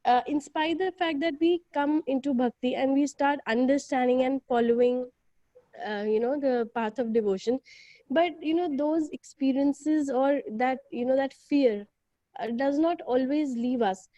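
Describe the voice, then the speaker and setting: A woman's voice: high voice, measured pace, mellow, dry recording. Earnest woman on muffled video call. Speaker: participant asking a question.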